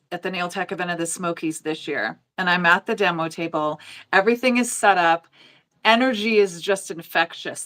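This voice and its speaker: With a lowish voice that comes across pushed and bright, an American woman in her forties who teaches nails chats casually. Her storytelling turns emotional, and she acts out what others said.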